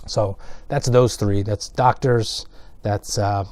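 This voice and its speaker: A man's voice: fairly low pitch, fairly even intonation, slow, darkish tone, no echo. A man ranting to the camera in a casual vlog, rambling and exasperated, often mocking how other people talk. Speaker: video blogger.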